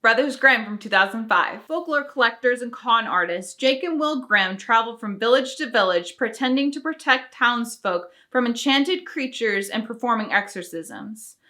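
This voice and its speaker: A woman's voice: a little high, animated, normal speed, few pauses, bright, forceful tone. A young woman talking casually and enthusiastically about her favourite films, laughing often. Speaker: film review YouTuber. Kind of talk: casual film review talk.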